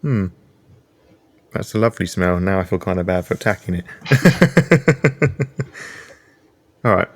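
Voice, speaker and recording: Deep-voiced man thinking aloud. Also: animated, a little slow, long pauses. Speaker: player. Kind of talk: tabletop game play.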